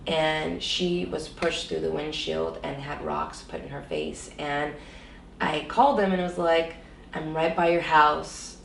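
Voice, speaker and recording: A woman's voice: deep voice, huge pitch swings, measured pace, vocal fry, far from the mic, slight background noise. A woman guest telling her personal story in an earnest, reflective way, often saying "you know.". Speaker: interview guest. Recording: roomy echo, voice a bit off-mic, faint background ambience.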